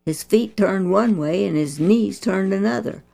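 A woman narrating a children's Bible story in a gentle, deliberate, instructive way. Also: mid-range voice, gravelly.

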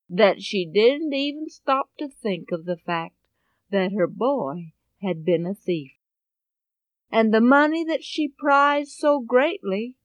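A woman telling a Bible story in an expressive way, swinging between loud and hushed. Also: a little high, dry recording.

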